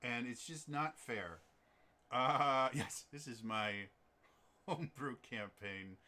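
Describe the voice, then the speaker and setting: A game master and streamer runs his own tabletop campaign on a stream, chatting casually and rambling with many ums and restarts. His mid-range voice is slow, bright and forceful.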